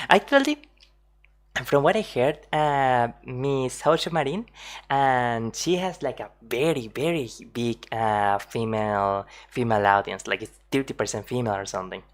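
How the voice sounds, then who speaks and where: A woman's voice: extremely low pitch, a little slow. A woman streaming her reactions to video clips, chatting casually with frequent laughs and fillers.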